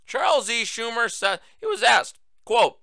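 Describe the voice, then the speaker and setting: A man's voice: extremely high pitch, very animated, measured pace, gravelly, sharp tone, no room sound. A man hosting a political commentary show, talking in a sarcastic monologue full of mocking asides. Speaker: host.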